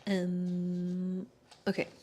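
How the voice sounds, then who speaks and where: A woman's voice: on the low side, monotone, drawn-out words, background noise. A woman astrologer in casual chat, answering viewer questions in a rambling, hedging way, full of fillers and self-corrections.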